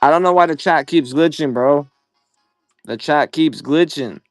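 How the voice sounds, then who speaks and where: A young man hosting a casual live-selling stream, profane and excitable as he pitches items while playing a game. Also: a little slow, no echo, faint music behind. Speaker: livestream seller.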